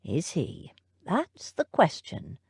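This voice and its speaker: A composed, formal male butler who never loses his polish, as a woman narrator puts him on, his delivery slow and soft-spoken. The lines come measured and unruffled, with a lively rise and fall. It's a dry, close audiobook recording. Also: low voice, creaky, slightly rough, no echo, full character voice. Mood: musing. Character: proper older male butler, smooth and composed.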